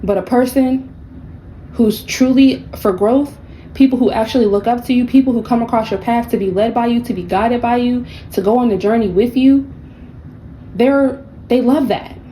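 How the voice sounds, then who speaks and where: A woman's voice: fairly high pitch, moderate pace, mellow, slight background noise, poor audio. A woman giving a casual tarot reading, blunt and profane, with sassy, mocking asides. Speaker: tarot reader.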